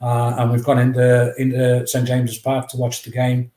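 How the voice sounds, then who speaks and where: A middle-aged man, telling a story at a mid pitch in a lively, casual way and acting out each bit of dialogue. His voice carries a roomy echo. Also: normal speed. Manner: lively, anecdotal, acts out dialogue. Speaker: guest, memoir author.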